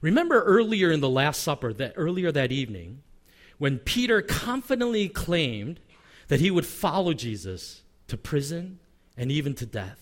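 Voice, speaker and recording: Animated man preaching a sermon. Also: normal speed. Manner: animated, acts out quoted voices; drops pitch and volume at phrase ends. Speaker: pastor.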